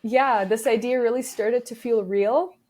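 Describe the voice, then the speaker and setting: A woman's voice: a little high, measured pace. Storytelling woman guest acting out dialogue. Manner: lively storyteller who acts out quoted dialogue. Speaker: guest, agency founder. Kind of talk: casual storytelling interview.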